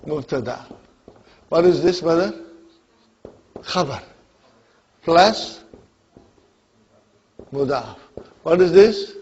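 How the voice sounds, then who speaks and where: A man's voice: fairly high pitch, expressive, extremely slow, pauses often, a little mellow, husky, lo-fi sound. A man teaching an Arabic grammar class, often asking whether students follow and calling on them by name. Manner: checks understanding often, calls on students by name.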